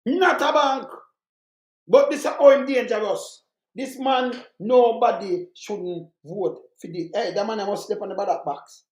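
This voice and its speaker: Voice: medium pitch, a little slow. A commentator with a Jamaican accent, ranting fiercely and repeating points in patois. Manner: fiery, repetitive, rants in Jamaican patois. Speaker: political commentator. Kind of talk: heated commentary monologue. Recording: roomy echo.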